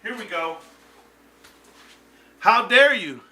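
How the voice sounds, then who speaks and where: A man's voice: high-pitched, expressive, slow pace, sharp tone, husky. A man hosting a livestream, talking in a brash, mocking way and swearing freely. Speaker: livestream host. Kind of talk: joking livestream commentary.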